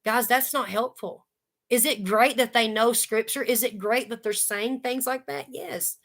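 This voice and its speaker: A woman's voice: on the high side, unhurried, fairly bright tone. A woman giving a casual Bible study talk, conversational and earnest, with folksy asides. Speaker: Bible teacher.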